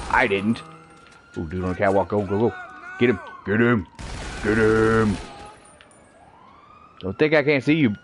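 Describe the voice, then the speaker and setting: A man's voice: fairly low pitch, a little hiss or hum. A man streaming a shooter game, commenting playfully as he taunts enemies and acts mock-offended. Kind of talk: live gameplay commentary.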